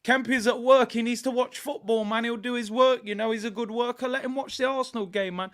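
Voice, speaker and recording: A young man hosting a live football watchalong, giving shout-outs to viewers and cheering loudly at goals. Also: extremely high pitch, fairly even intonation, brisk. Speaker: watchalong host.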